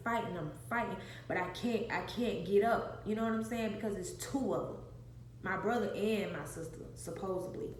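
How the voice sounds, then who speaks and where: A woman earnestly telling a personal testimony to viewers, often repeating phrases for emphasis. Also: fairly low pitch. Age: adult with an infant. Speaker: vlogger sharing a personal testimony. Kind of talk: emotional personal storytelling. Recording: echoey room with faint noise.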